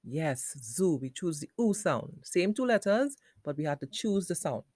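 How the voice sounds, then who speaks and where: A woman teacher giving a phonics lesson for young children, sounding out words slowly in parts. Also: lowish voice, big pitch swings, a little mellow, dry recording, clean studio sound.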